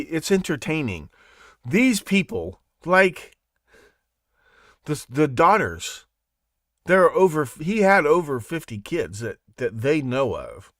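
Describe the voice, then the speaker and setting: A man hosting a live talk show, rambling and animated, with lots of asides and self-corrections. His voice sits a bit high for a man and swings widely in pitch. The sound is dry and close, with no room around it. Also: dry recording. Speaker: podcast host. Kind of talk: casual monologue on a live show.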